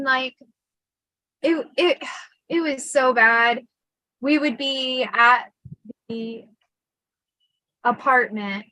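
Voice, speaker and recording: A woman hosting a casual storytelling livestream, chatty and animated with lots of fillers. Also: a little high, no room sound, poor audio. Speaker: host.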